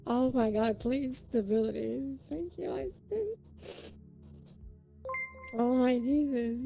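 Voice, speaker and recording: A high-pitched woman streamer talking unhurriedly to her chat, excitable and emotional, thanking viewers one by one. She goes from giggling to choking up and back. Faint music plays behind her. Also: takes it slowly, creaky, long pauses. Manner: excitable, thanks viewers by name, swings between giggles and near tears. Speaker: live streamer.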